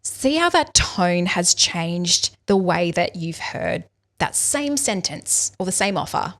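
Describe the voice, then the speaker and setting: A woman's voice: fairly low pitch, lively intonation, slow. An Australian woman, a speaking coach, explaining vocal tips as a podcast guest and acting out examples in different tones. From Western Australia.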